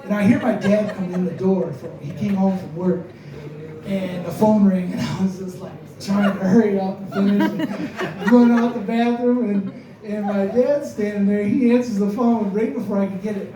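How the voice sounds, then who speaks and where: A man telling a comic story to a live crowd, chatty and self-mocking, often laughing through his lines. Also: high-pitched. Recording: echoey room, mic far off.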